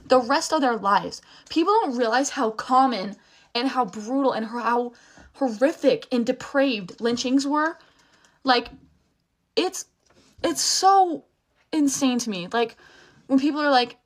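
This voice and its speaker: A woman's voice: high voice, expressive, unhurried. A young woman in a casual vlog rant, heated and swearing, rambling with false starts and restarts.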